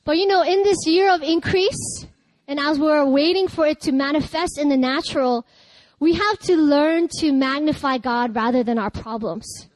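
A woman pastor giving a lively, chatty sermon, breaking into laughter and loud cries. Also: high-pitched, normal speed, no room sound, poor audio.

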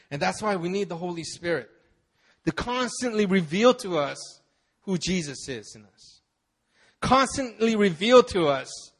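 High-voiced young pastor preaching. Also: male voice, a bit bright. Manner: storytelling, repeats words with many fillers. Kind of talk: sermon.

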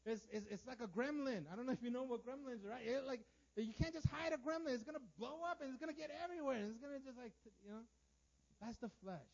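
A man's voice: extremely high pitch, quick pace, vocal fry, highs cut off. A man preaching a sermon in a casual, conversational way, often repeating words and checking in with "right?". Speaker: pastor.

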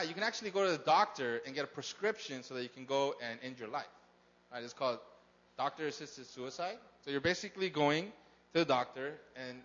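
A man's voice: fairly high pitch, fairly bright tone, dull audio. A man preaching a sermon to his congregation, talking casually and often asking the crowd questions. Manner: conversational, asks the crowd questions. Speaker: pastor. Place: church in Korea.

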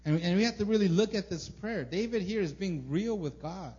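A young man preaching a casual sermon as a pastor, informal and earnest, full of fillers, sometimes acting out prayers loudly. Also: high voice, lively intonation, brisk. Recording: dull lo-fi recording with faint hum.

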